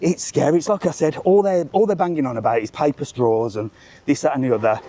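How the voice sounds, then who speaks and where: A man hosting a live travel vlog, telling a story as an animated, swearing rant while walking outdoors. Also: medium pitch, a little fast. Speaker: travel vlogger, live stream host. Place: outdoors among bars and restaurants.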